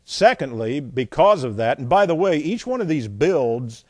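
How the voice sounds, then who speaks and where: A man preaching a sermon, reading scripture aloud and commenting between verses, with folksy joking asides and swings between loud emphasis and quiet remarks. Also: on the high side, big pitch swings, normal speed, no room sound, studio quality. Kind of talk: sermon, Bible exposition.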